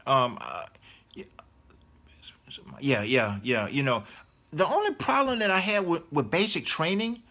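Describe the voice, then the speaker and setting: A man's voice: on the high side, lively intonation, a little slow, pauses often, pushed and bright. A middle-aged man, an author, chatting casually in a live Q&A as he reads out viewer questions and answers them with enthusiasm.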